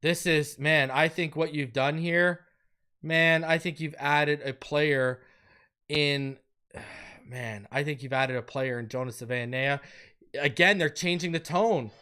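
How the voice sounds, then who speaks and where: Excited high-voiced man hyping draft picks. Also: slow, smooth. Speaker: host of a sports fan channel. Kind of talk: live draft reaction stream.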